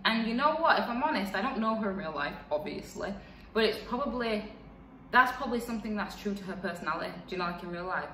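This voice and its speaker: A woman's voice: medium pitch, lively intonation, fast talker, pushed and bright, recorded from a distance, a little hiss or hum. Chatty young woman in an echoey room. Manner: chatty, frank, lots of fillers and laughs. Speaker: vlogger. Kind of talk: casual opinion vlog. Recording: echoey room, voice a bit off-mic.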